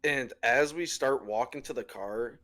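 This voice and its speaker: A young man co-hosting a podcast, talking loosely and swearing freely as he tells a story. He has a middle-pitched voice and an easygoing, offhand delivery. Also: measured pace, sharp tone. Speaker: podcast co-host. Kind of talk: casual chat.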